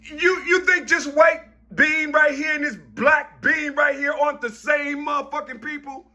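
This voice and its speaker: A man's voice: very high voice, steady tone, moderate pace, sharp tone. A man in a rambling spoken monologue who keeps saying "you see", swears a lot and often raises his voice for emphasis. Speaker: vlogger.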